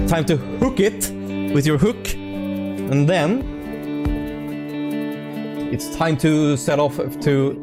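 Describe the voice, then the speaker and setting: Young man, casual live stream chat, rambling, animated, slightly high voice, faint music behind. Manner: rambling and animated, playful swearing. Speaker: indie game developer streaming.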